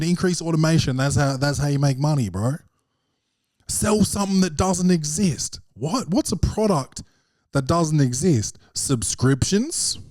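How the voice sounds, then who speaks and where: An Australian stand-up comedian rambles through a casual podcast monologue, swearing often and scattering slang, with "bro" on repeat. His voice is mid-range and a little mellow, and the audio is studio quality without echo.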